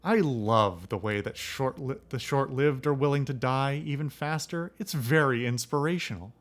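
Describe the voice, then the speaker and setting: A flippant male trickster who teases and makes light of danger, read aloud by a man during a game. The reader uses a mid-pitched voice. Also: normal speed, close to an everyday voice. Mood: teasing. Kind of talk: reading game dialogue aloud.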